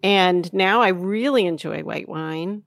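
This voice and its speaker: A woman co-host chatting at a slow, easy pace, her lowish voice carrying a gravelly edge. She searches for words as she goes and laughs often, and the sound is dry and close. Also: dry recording. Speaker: podcast co-host. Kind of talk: casual chat.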